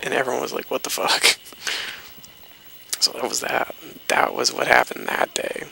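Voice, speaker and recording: A man's voice: medium pitch, completely flat delivery, a little fast, creaky, sharp tone, a little hiss or hum, rough recording. A young man telling a rambling story with plenty of swearing as he talks over gameplay. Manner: rambling, swearing, loose anecdotal delivery. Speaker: gaming commentator.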